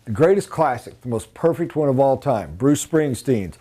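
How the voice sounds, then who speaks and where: A man giving a sales training talk, animated and emphatic, blunt and informal, with sudden loud high bursts. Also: normal speed, hardly any pauses.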